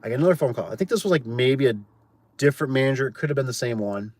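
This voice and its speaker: A man's voice: mid-range voice, expressive, very fast, a little mellow, no room sound. Chatty man telling a work story. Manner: chatty, tosses in "like" and "right?", acts out quoted voices. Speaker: garage door business owner. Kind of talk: casual storytelling.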